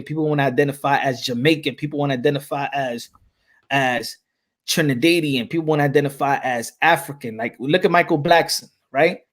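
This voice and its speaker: A man from New York with a New York accent, talking in a loose, rambling way, full of restarts and "you know what I'm saying". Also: on the high side. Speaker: boxing channel host. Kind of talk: casual chat.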